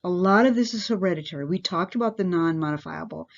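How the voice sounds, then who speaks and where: A woman nurse talks through heart and blood health in plain everyday words, checking in with her listeners as she goes. Her voice sits fairly low for a woman. The recording sounds dull and lo-fi. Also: fast, vocal fry. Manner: plain-spoken explaining, asks listeners questions directly. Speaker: parish nurse. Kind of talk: health education talk to a congregation.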